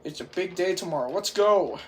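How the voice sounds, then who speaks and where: A reviewer with a sore throat rambling casually through a film's plot, clearing their throat again and again. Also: medium pitch, lively intonation, brisk. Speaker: film reviewer. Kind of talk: rambling casual movie recap.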